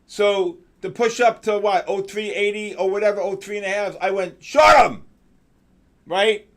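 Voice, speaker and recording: A male trading show host giving excitable live market commentary, exclaiming and calling out viewers by name. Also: high voice, normal speed.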